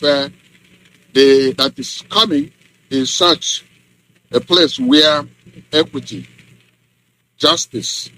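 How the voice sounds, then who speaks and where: A middle-aged man, a professor, answering in a radio interview in an emphatic, deliberate way with many ums. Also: a little high, pushed and bright, rough recording. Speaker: guest professor and activist.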